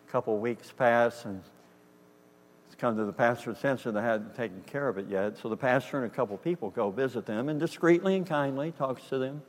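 A man's voice: mid-range voice, a little fast. A man preaching a storytelling sermon in a conversational way, acting out dialogue and asking the congregation if they hear him. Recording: reverberant hall with faint hum.

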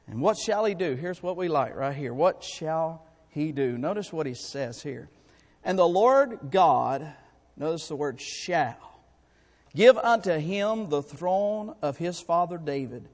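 A man preaching a sermon, emphatic and repetitive, his voice climbing louder and higher to drive home points. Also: animated, normal speed. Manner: emphatic, rises in pitch and volume for rhetorical points; repeats and restarts words while preaching. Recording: long hall reverb.

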